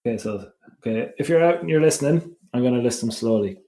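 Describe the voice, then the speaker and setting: A woman's voice: very deep voice, expressive, quick pace, dark tone. A woman co-hosting a podcast, asking playful, teasing questions in casual chat. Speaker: podcast co-host.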